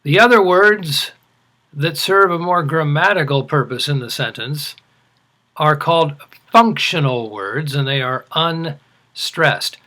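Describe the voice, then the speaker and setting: A man teaching English as a second language, speaking deliberately and stressing words clearly. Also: fairly high pitch, pushed and bright. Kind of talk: slow, deliberate ESL lesson.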